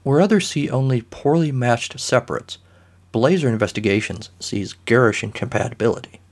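A man's voice: moderate pace, close to an everyday voice. A man voicing an eager, nervous young male detective in a comedic audio story. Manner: eager, high and polite.

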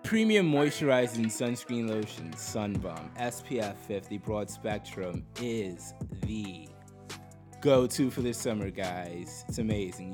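A man voicing a hyped male announcer in a mock sunscreen commercial, with salesy punchy delivery and music behind. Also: lowish voice.

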